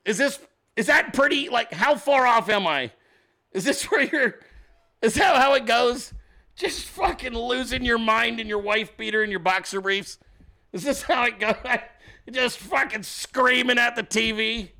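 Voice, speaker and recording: A man's voice: high-pitched, moderate pace, pushed and bright. A male host on a live political commentary stream, joking around and cursing freely. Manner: crude, profane, joking.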